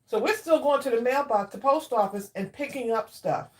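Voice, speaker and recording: A woman hosting a casual craft livestream, chatting warmly with viewers by name and drawing out her exclamations while she eats. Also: fairly high pitch, normal speed. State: eating while talking. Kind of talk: casual live chat with viewers.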